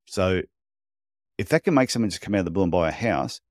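A chatty man co-hosting a podcast, telling stories in a blunt, animated way. His voice sits low. The sound is dry and close. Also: fast, no echo. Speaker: podcast co-host, podiatry business coach. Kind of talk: casual podcast chat.

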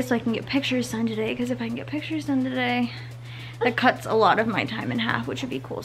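A woman's voice: fairly high pitch, fairly bright tone. A young woman chatting casually at home to a handheld camera, rambling and correcting herself as she goes. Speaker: vlogger. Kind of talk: casual vlog chat.

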